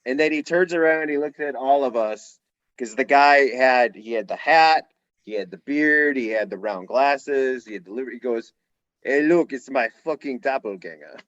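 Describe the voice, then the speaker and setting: A man's voice: medium pitch, normal speed, no room sound. Dry, muffled man telling a story. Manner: animated storyteller, acts out quotes. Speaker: podcast co-host. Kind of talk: casual podcast chat.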